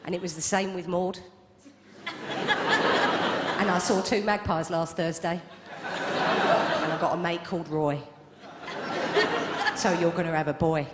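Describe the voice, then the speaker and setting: A woman's voice: on the low side, steady tone, unhurried, long pauses, heavy background noise, pitched below the performer's own voice, close to an everyday voice. A woman doing a nosy old bus-stop lady. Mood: knowing. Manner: assured, prying. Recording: reverberant live club hall. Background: audience laughter.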